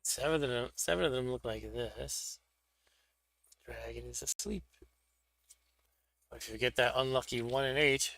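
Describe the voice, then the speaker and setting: A man's voice: mid-range voice, normal speed, vocal fry, pauses often, a bit bright. A man hosting a board game stream, chatting casually and thinking aloud as he sets up pieces for a solo game. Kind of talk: casual solo play-through commentary.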